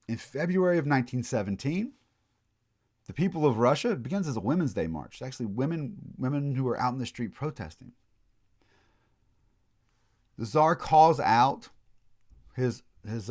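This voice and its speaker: A man giving a recorded college history lecture, telling it as a story with casual asides and frequent restarts. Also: mid-range voice.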